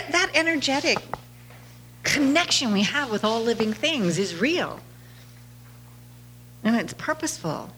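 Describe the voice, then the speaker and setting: A woman with a fairly high, slightly bright voice hosts a podcast, and there's a little hiss or hum in the recording. She tells casual stories in a chatty monologue, laughing often and acting out quotes.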